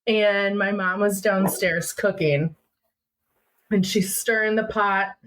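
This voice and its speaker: A young woman from Minnesota guests on a podcast, slowly telling an animated personal story in a mid-range voice. She acts out her family members' lines, and the audio is poor.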